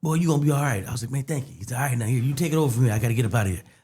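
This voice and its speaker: Guy rattling off a story quick, does all the voices himself. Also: mid-range voice. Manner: animated storyteller acting out voices. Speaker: comedian guest. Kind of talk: storytelling in casual podcast chat.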